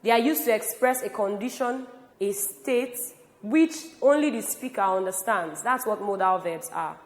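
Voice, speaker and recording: Deliberate woman teacher in a roomy echo. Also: medium pitch. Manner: slow, deliberate, stresses example words. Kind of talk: grammar lesson. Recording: roomy with long reverb.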